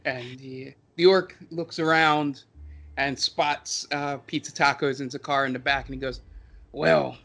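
A man narrating as game master in a tabletop game, halting often with ums and uhs. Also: mid-range voice, fairly even intonation, pushed and bright, soft background music.

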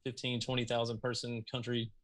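A man from Mississippi in his thirties with a Southern accent, a guest on a video call, telling a story in a casual, animated way. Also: mid-range voice, brisk. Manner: animated storyteller, acts out his own past lines. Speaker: guest, car audio business owner.

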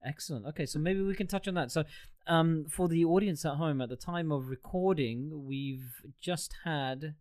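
A man's voice: a little high, a little mellow. A man hosting a podcast over a video call, chatting casually and rambling with jokes. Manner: chatty, rambling, quick to joke. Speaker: podcast host. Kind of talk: casual chat.

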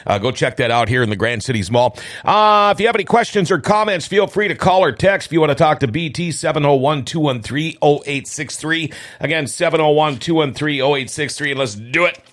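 A man's voice: on the high side, animated, a little fast, fairly bright tone. A man hosting a casual local radio talk show, upbeat and folksy, laughing often between lines. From upper Midwest of the United States.

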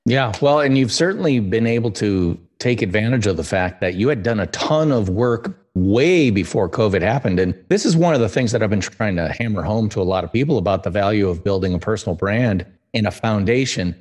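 A man's voice: fairly low pitch, animated, brisk, few pauses, a little mellow. An American man hosting a podcast interview, chatty and joking, with rambling asides. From United States. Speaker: podcast host. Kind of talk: casual interview chat.

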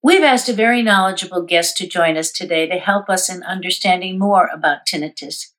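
A woman co-hosting a podcast, reading a smooth scripted introduction and chatting in a friendly way. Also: fairly low pitch, fairly quick, a bit bright. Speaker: podcast co-host. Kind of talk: scripted introduction and casual chat.

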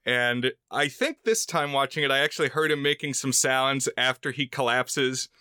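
A man co-hosting a movie podcast, recapping the plot in a relaxed way with joking asides. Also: medium pitch, normal speed, clean tone, no room sound, clean studio sound. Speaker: podcast co-host. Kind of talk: casual movie discussion.

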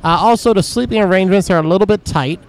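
A man's voice: high voice, quick pace, clear, resonant tone, rough recording. A man co-hosting a casual podcast outdoors at a racetrack campsite, dry and hesitant with frequent fillers. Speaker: podcast co-host. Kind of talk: casual chat.

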